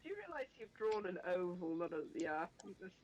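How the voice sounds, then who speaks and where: A woman's voice: lowish voice, big pitch swings, fairly quick, a little mellow, a little hiss or hum, poor audio. A woman co-hosting a drawing stream, explaining things in a dry, wry way. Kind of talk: casual stream chat.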